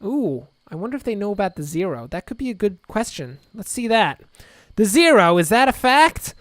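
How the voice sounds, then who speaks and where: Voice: mid-range voice, very animated, moderate pace, no room sound. A video game let's-play host giving casual commentary and reading the dialogue aloud, with sarcastic, wry asides.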